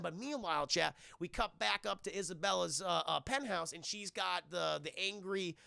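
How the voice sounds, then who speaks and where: Man, live film recap, profane, animated, bright, dry close mic. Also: sits high, normal speed, vocal fry, hardly any pauses, dry recording. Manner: profane, animated, acts out lines from the movie. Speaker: streamer reviewing a film.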